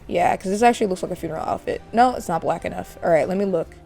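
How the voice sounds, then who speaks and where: A woman's voice: lowish voice, quick pace, gravelly, warm tone, faint music behind. A woman hosting a casual let's-play, chatting as she narrates her game. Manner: chatty, narrates while playing. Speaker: gaming channel host.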